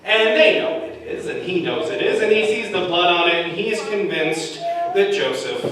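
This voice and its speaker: A man preaching a sermon, telling a Bible story in a casual, joking way with quick asides. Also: high voice, a crowd in the background. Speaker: pastor. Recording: echoey room, far from the mic, noisy.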